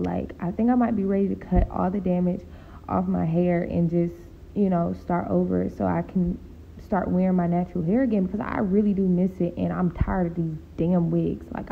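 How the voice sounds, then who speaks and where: Tired, gravelly-voiced woman vlogger. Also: phone-quality sound, a little hiss or hum. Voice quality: deep gravelly voice. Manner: laid-back, chatty, sleepy late-night talk. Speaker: beauty vlogger. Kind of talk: casual voice-over chat. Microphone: home voice-over mic.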